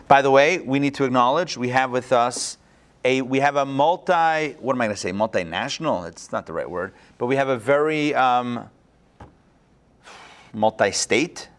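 Over a video call, a man of medium pitch leads a live online class as a rabbi at a moderate pace. His style is animated and conversational, with frequent thinking aloud and sentence restarts.

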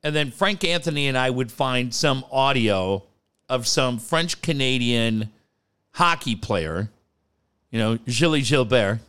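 A man telling radio stories in casual chat, profane and animated. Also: mid-range voice, smooth. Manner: animated, profane, mimics voices in anecdotes. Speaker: sports radio host.

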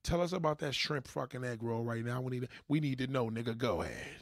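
A man's voice: mid-range voice, lively intonation, fairly quick, no echo, studio quality. A man reacting to an interview, mocking and heckling it in a profane rant. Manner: mocking, heckling, swears heavily. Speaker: reaction commentator.

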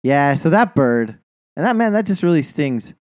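Profane rambling man with lively pitch. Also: normal speed, clean tone, no echo, studio quality. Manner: profane, rambling, self-mocking. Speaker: podcast co-host. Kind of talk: casual storytelling chat.

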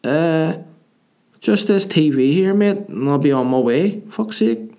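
A man's voice: a little high, animated, unhurried, vocal fry, warm tone, voice pushed up. A man voicing a blunt, petty thieving ghost in an offhand, grumbling mock voice.

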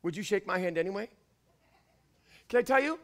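A man from Canada with a Canadian accent, preaching a fiery sermon in church and often shouting. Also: high voice, animated, brisk. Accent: Canadian English. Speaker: pastor. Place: church before a congregation.

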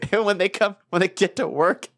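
Laughing, animated male storyteller. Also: high-pitched, moderate pace. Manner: animated, laughs often, acts out quotes. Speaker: storyteller guest. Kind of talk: casual chat, telling funny drinking stories.

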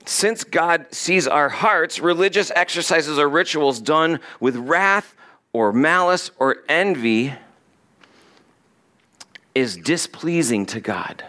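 A man's voice: a little high, expressive, takes it slowly, sharp tone. A man preaching a sermon to a congregation, talking casually and joking between scripture readings. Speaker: pastor.

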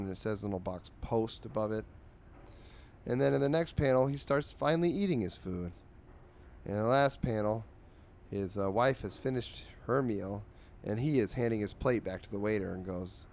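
A man hosting a comics podcast, recapping strips in a sarcastic, weary way with lots of ums and low enthusiasm. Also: darkish tone.

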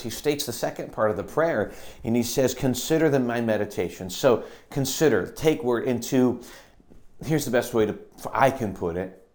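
A man preaching a sermon, earnest, moving between loud emphasis and quiet, intense passages. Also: medium pitch.

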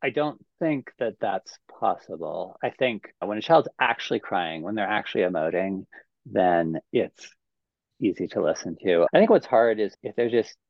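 A man in his forties chats as a podcast guest, thinking aloud and softening his points. His voice sits low with a gravelly edge. It is close and dry on a slightly muffled recording. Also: animated, moderate pace, no echo. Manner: thoughtful, hedging with frequent "I think". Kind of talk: casual interview chat.

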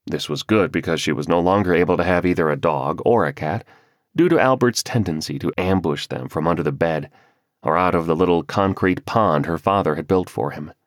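A male audiobook narrator reading a novel in a measured, storytelling manner. His voice is deep and low, recorded dry and close with no room sound. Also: no room sound. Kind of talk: scripted narration.

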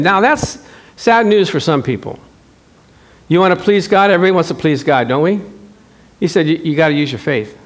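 A high-pitched man preaches with lively energy, firing rhetorical questions at his listeners. He slips into quick acted-out exchanges to drive his points home. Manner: animated, acts out dialogue, rhetorical questions to congregation. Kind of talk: sermon.

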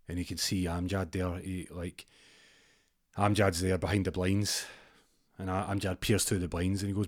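Scottish man, low voice, rambling comic storyteller, deadpan asides, dry close sound. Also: normal speed, dry recording.

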